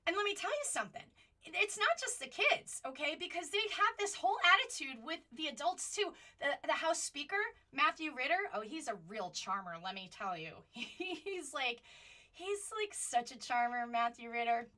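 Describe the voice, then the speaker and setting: A woman's voice: high-pitched, expressive, normal speed, sharp tone, far from the mic. A woman hosting a political commentary show from home, talking casually and passionately, rambling and jumping between points.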